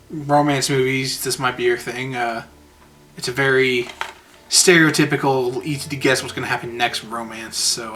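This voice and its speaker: A man giving a casual, wry movie review, relaxed and hesitant with frequent fillers. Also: mid-range voice.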